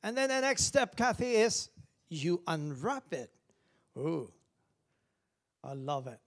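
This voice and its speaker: A man preaching as pastor, animated, swinging from loud calls down to hushed whispers. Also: high-pitched, slow pace, pauses often. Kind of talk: lively sermon.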